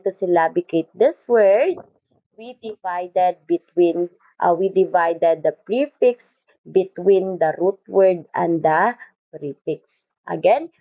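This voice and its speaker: Slow woman teaching syllables. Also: fairly low pitch, darkish tone, poor audio. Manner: repeats each word slowly, spelling out syllables. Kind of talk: recorded English phonics lesson.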